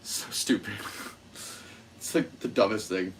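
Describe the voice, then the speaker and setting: A man's voice: on the low side, measured pace, slight background noise. A young man and podcast host chatting casually about his stand-up comedy, rambling and full of fillers. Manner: rambling, self-amused, lots of fillers. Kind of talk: casual solo chat.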